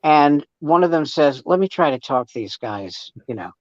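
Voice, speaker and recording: A man's voice: a little high, animated, normal speed, no room sound. A man, a guest comedian, telling jokes and stories in a wisecracking way on a casual podcast. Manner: wisecracking storyteller. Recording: dry, dull lo-fi sound.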